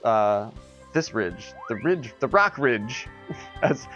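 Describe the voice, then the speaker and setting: A man's voice: mid-range voice, animated, slow pace, a bit bright, dull audio, soft background music. A man streaming a game, chatting casually with his viewers in giggly, rambling asides. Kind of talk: casual live-stream chat.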